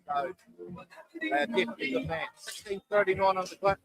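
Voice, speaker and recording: A man's voice: sits high, sing-song, a little fast, fairly bright tone, rough recording. A middle-aged man giving live, chatty sports commentary, tired after a long day and calling out running tallies. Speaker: shearing commentator. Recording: clear music behind the voice.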